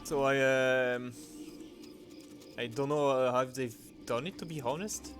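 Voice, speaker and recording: A young man chats loosely while he plays, drifting from thought to thought and filling the gaps with ums and uhs. His voice sits at an ordinary middle pitch. Loud game music plays right behind him the whole time. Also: fairly even intonation, a little slow. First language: French. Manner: rambling, thinking aloud with many fillers. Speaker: game streamer. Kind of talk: casual gameplay commentary.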